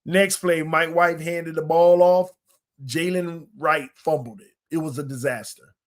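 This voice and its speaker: A man's voice: on the high side, steady tone, a little slow. A man hosting a casual sports podcast, breaking down plays in an emphatic, colloquial way and repeating points for effect.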